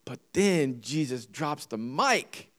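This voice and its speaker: A man's voice: medium pitch, expressive, takes it slowly, fairly bright tone. A male pastor preaching a sermon, reading scripture and driving points home with repetition and questions to the congregation. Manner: emphatic, repeats key phrases and asks the congregation questions.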